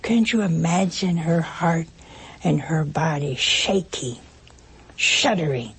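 Woman giving a sermon, slow and heavy, very husky breathy voice, drops to whispers sometimes. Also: low-pitched, animated. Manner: emotional, dramatic pauses, drops to whispers. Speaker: preacher.

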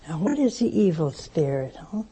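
A woman's voice: sits low, sing-song, normal speed, dark tone, husky. An older woman, a nun and mother superior, giving a conversational religious teaching with homespun stories and questions to her listeners. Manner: conversational, anecdotal, asks audience questions.

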